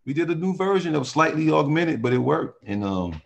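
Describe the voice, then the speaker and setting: A man who sings in a vocal group, telling animated stories in a casual interview and often laughing. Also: on the high side, a little fast, gravelly. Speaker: singer in a vocal group, guest.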